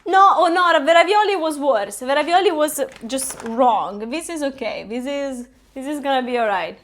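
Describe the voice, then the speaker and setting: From her home kitchen, an Italian woman hosts a relaxed live cooking stream, chatting loosely with viewers. Her voice sits high, her pace is normal with few pauses, and she giggles often, laughing at her own cooking.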